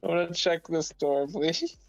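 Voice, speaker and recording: A man's voice: a little high, unhurried, creaky, soft background music. Playful man player, lo-fi sound. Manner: playful, laughing, blunt. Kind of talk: tabletop role-play.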